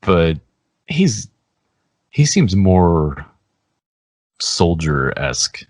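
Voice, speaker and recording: A man with a strikingly deep, low voice talks casually as a podcast co-host. He rambles in a relaxed way, laughing easily, and the sound is dry and close to the mic. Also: extremely slow, no room sound. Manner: relaxed, laughs often, trails off. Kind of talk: casual chat.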